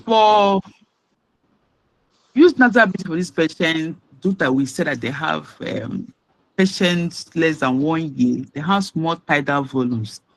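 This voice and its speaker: A man gives a pharmacology lecture with a fairly high voice for a man. He delivers it haltingly, restarts now and then, and leans on key words. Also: poor audio.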